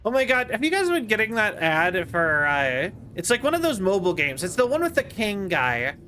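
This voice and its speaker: A man's voice: sits high, huge pitch swings, moderate pace, sharp tone, slight background noise. A man casually commenting on a video game as he plays, chatty and rambling with lots of fillers. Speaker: streamer.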